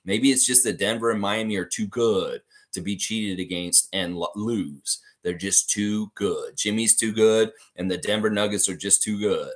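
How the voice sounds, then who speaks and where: A man's voice: fairly low pitch, normal speed, hardly any pauses. A man hosting a live sports fan stream, ranting heatedly about coaches, swearing and laughing as he talks.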